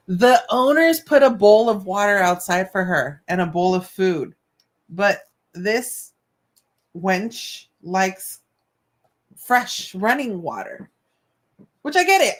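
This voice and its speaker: A woman's voice: medium pitch, animated, slow pace, long pauses. A woman hosting a casual live stream, telling chatty stories with mild cussing and Spanish asides while busy with a craft. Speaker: channel host.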